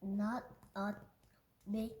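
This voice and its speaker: A woman's voice: medium pitch, flat delivery, very slow, a little mellow, reverberant. A woman whose first language is Korean reads a picture book aloud carefully, stumbling and restarting on words. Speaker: reader.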